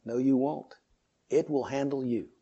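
A man's voice: mid-range voice, unhurried, mellow, breathy edge, muffled recording. A man preaching an earnest sermon, reading scripture and explaining it with rhetorical questions.

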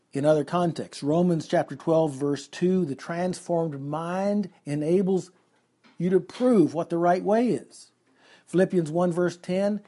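A man's voice: a little high, mellow, husky. A man preaching an expository sermon, reading scripture aloud and earnestly explaining it verse by verse.

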